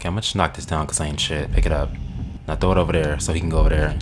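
A man's voice: very deep voice, fairly even intonation, very fast, background noise. A young man doing let's play commentary, swearing a lot and talking at the screen. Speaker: gaming channel host. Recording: game music behind the voice. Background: game music.

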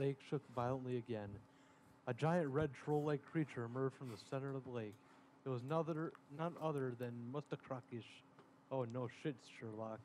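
A man's voice: medium pitch, darkish tone, slight background noise, poor audio. A man reading a silly story aloud to friends, dropping sarcastic asides. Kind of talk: comedic dramatic reading among friends.

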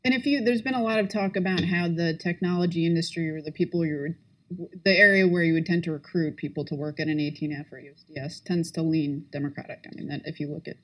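Fast-talking man asking questions. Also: on the high side, fairly even intonation, low-quality recording. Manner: quick, probing questions. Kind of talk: panel discussion.

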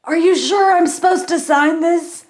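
A woman's voice: very high-pitched, unhurried, pitched above the performer's own voice. A woman reading aloud and voicing a dying older woman who sounds weak and breathless. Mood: confused.

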